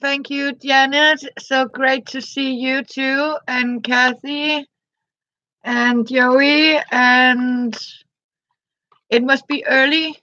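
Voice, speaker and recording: A woman, chatting gently on a live stream and greeting her viewers by name. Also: sits high, level tone, drawn-out words, no room sound, muffled recording. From Denmark. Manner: greets viewers by name between thoughts, gentle, frequent soft laughs. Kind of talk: casual live-stream chat.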